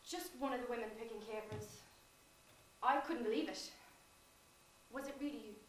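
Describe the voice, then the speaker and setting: A woman with an Irish accent playing a young wife and mother in a stage play, singing a lullaby and asking quick, probing questions. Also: on the high side, a little hiss or hum, natural voice. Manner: quick, questioning, sing-song. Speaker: stage actor. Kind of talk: chanted and sung lullaby. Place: theatre stage. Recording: echoey stage from far off.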